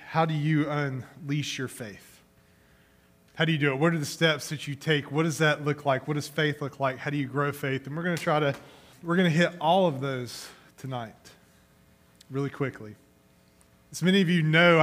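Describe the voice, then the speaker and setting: A young man gives a youth sermon in a relaxed, conversational way. His voice sits slightly high for a man, and he moves from questions for the audience into family stories. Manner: conversational, storytelling with questions to the crowd. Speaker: youth pastor.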